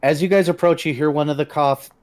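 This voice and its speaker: A man's voice: fairly high pitch, steady tone, a little mellow. A man narrating a tabletop game as game master, describing scenes and voicing arguing figures. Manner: voices arguing figures in quick succession.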